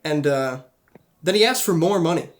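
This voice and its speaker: Higher-voiced young man, rambling storyteller. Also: moderate pace. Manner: rambling, profane anecdote telling. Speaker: podcast co-host. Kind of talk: casual chat.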